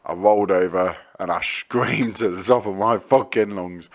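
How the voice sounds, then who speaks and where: A man co-hosting a podcast, chatting and telling stories in an animated way, laughing and swearing freely. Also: lowish voice, moderate pace, hardly any pauses. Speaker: podcast co-host. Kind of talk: casual banter and storytelling.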